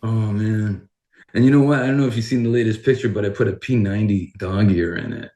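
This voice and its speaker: A man's voice: on the low side, fairly quick. Roomy-sounding man telling stories. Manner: animated, acts out conversations, swears casually. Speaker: interview guest, guitarist. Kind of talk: casual interview storytelling.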